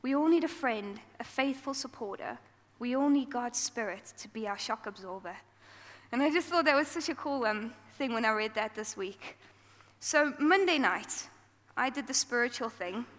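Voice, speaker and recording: A woman's voice: high-pitched, a bit bright. A woman giving an informal talk at church, chatty and self-deprecating, acting out quoted lines as she goes. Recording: long hall reverb.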